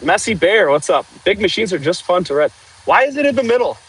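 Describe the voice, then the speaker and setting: A man hosting a casual outdoor livestream, chatting and joking with viewers while clearing trees with a machine. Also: high voice, very animated, a little fast, fairly bright tone, low-quality recording. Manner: chatty, jokey, talks to viewers while working. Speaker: livestream host.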